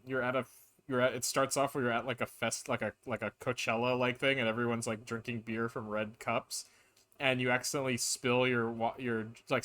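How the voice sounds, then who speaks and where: A man's voice: mid-range voice, a bit bright. A man chatting casually while streaming a game, rambling with lots of restarts and filler words. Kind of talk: casual live-stream chat. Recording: game music playing behind.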